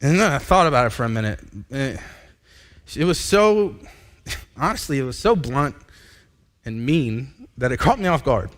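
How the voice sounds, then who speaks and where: A man in his thirties, a pastor, preaching a candid personal testimony in a live church sermon, halting and restarting as he talks. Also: mid-range voice, very animated. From United States. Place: church sanctuary.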